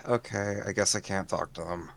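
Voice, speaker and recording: A man's voice: low voice, steady tone, unhurried, creaky, fairly bright tone. A man playing a tabletop role-playing game, talking bluntly and swearing. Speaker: player.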